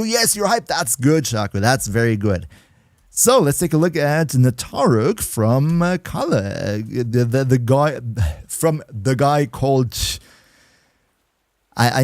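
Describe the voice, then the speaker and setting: A man's voice: mid-range voice, darkish tone, dry recording. Chatty male game streamer, dry sound. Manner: chatty, laughs often, greets and answers chat. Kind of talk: casual livestream gameplay commentary.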